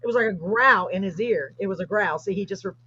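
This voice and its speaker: A woman's voice: medium pitch, fast, husky. A woman, hosting and animatedly telling a story in a casual chat. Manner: animated, excited retelling. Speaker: host. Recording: dull lo-fi livestream audio.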